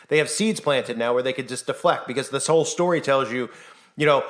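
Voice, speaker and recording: Fast and a bit bright, a mid-range male voice carries an impassioned monologue from a Christian YouTuber talking to camera on his own channel. Urgent in tone, he keeps hurling rhetorical questions and imitating those he quotes.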